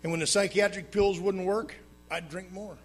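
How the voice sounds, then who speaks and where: A man telling his own recovery story to a live audience at a meeting, plain-spoken with dry humor, swinging between loud emphatic bursts and low hushed asides. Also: steady tone, normal speed, soft background music.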